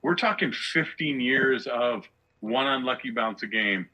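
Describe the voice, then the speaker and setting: A man's voice: medium pitch, unhurried, pushed and bright, rough recording. A male comedian on a podcast, ranting with sarcastic rhetorical questions in casual chat. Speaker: guest comedian.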